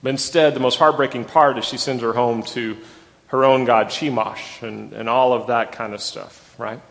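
A man preaching a sermon, animated and emphatic, repeating phrases for stress. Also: mid-range voice, normal speed, creaky, long reverb tail. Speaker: pastor.

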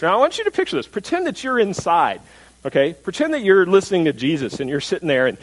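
A man preaching a sermon, lively and animated, asking the listeners rhetorical questions and repeating his words. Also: high voice, brisk, rough recording. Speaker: pastor.

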